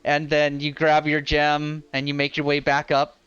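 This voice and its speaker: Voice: mid-range voice, monotone, normal speed, a bit bright, clean tone, no room sound, lo-fi sound. A game master narrating a tabletop game in a casual, rambling way full of fillers. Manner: casual, filler-heavy storytelling. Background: ambient fantasy music.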